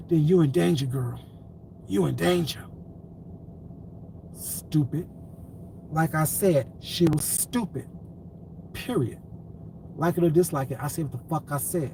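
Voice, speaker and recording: A high-voiced man rants straight to his viewers, swearing freely and hammering the same point over and over. A faint hiss of background noise sits under the voice. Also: measured pace, long pauses, mellow, poor audio. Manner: profane, repetitive, confrontational. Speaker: commentary vlogger. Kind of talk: ranting commentary vlog.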